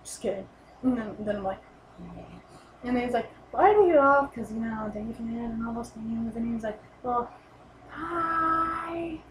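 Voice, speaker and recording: A woman's voice: on the high side, brisk. A young woman vlogger telling a story in a casual, rambling way, full of "like" and "and then". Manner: rambling, excited, lots of "like" and "and then". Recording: echoey room, light noise.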